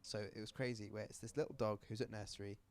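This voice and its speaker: A man's voice: fairly low pitch, steady tone, fast. A British man in his thirties telling a story in casual podcast chat, emotional and full of restarts. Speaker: guest host.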